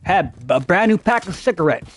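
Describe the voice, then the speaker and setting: A man's voice: sits high, lively intonation, moderate pace, slight background noise. A man streaming a game, telling a rambling, profane story and repeating himself as he goes. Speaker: gaming streamer. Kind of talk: casual storytelling while gaming.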